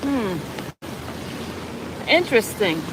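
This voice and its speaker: A woman's voice: on the high side, very animated, slow. A woman giving an update on her own live stream outdoors, coaxing viewers to join and share. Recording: outdoor street noise behind.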